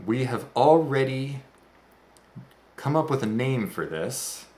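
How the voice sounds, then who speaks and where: A man's voice: mid-range voice, expressive, takes it slowly, darkish tone, reverberant. A man hosting a let's play, giving casual gameplay commentary with rambling, self-deprecating, goofy asides.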